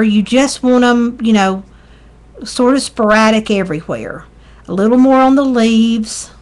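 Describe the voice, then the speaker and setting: A middle-aged woman with a Southern US accent, chatting through a live craft tutorial in a folksy way as she works. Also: on the high side. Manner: chatty, folksy, talks while working. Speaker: craft demonstrator.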